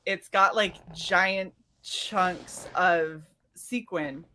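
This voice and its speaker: A woman's voice: on the low side, very slow, bright, forceful tone, slight background noise, rough recording. A woman co-hosting a live drawing stream, gushing and giggly with some swearing. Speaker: co-host. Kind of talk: casual live-stream chat.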